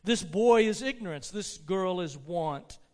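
A preacher voicing a stern, solemn Christmas spirit. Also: male voice, sits high, animated, measured pace, darkish tone. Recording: long church-hall reverb.

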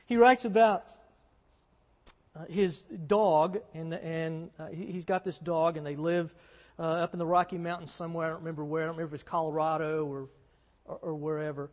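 A man's voice: a little high, fairly even intonation, normal speed. A man preaching as a pastor, earnest and conversational, driving points home with emphatic repetition. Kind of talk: sermon. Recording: long hall reverb.

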